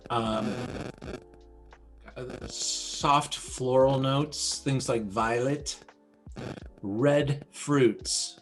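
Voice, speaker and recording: A man hosting an online wine tasting, describing wines slowly in vivid imagery. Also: mid-range voice. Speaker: wine educator host.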